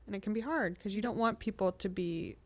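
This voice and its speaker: A woman co-hosting a podcast, talking candidly and reflectively with frequent restarts and soft laughs. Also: mid-range voice, fairly quick. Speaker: podcast co-host. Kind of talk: candid conversational podcast chat.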